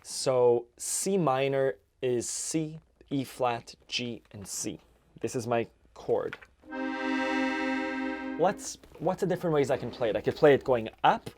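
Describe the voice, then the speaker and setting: Man teaching accordion over loud playing. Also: mid-range voice, takes it slowly. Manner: relaxed, explanatory, counting beats aloud between playing. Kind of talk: music lesson. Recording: accordion music loud in background.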